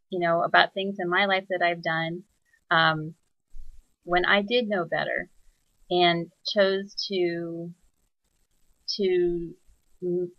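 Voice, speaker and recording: A woman hosting a reflective spoken monologue, soft-spoken and searching, pausing often with fillers as she thinks aloud. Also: on the low side, no echo, muffled recording. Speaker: spiritual teacher.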